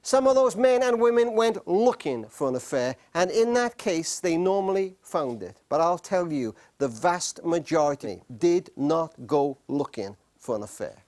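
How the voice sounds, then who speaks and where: Lively dramatic male speaker. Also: a little high. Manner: dramatic storyteller, drops to near-whispers for emphasis; repeats key phrases slowly. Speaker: speaker on marriage. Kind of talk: talk to a live studio audience. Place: studio with audience.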